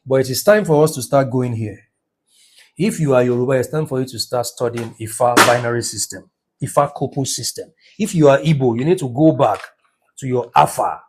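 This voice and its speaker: A man's voice: mid-range voice, fairly quick, a little hiss or hum. A middle-aged man teaching business numerology in an impassioned lecture, stressing words by drawing them out and asking rhetorical questions.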